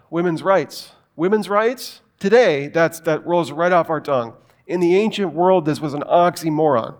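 Emphatic man preaching a sermon. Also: a little high. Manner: emphatic, joking asides, rhetorical questions.

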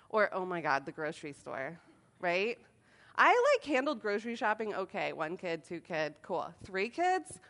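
A woman in her thirties speaking at a moms' meeting, telling funny, self-deprecating stories in an animated way. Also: fairly low pitch, moderate pace. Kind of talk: humorous talk to a group.

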